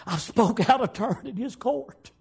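A man preaching, telling a story in a sermon, swinging from hushed whispers to loud shouted praise. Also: extremely high pitch, unhurried, gravelly, breathy edge.

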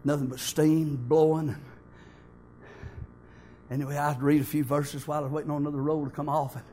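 A man's voice: fairly high pitch, flat delivery, brisk, dark tone, slight background noise. An older man, telling his church testimony in a folksy, homespun way. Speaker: church member giving testimony.

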